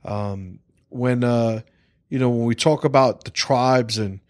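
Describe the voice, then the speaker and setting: A man's voice: mid-range voice, takes it slowly, darkish tone, no echo, clean studio sound. A man hosting a casual livestream podcast, rambling, swearing freely and restarting his sentences. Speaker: podcast host.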